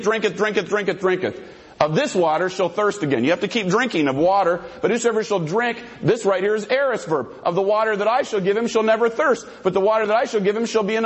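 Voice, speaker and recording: A man with a notably high-pitched voice delivers a combative theological debate presentation. He reads verses aloud and parses their grammar point by point to argue his case. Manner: combative, quotes and parses scripture.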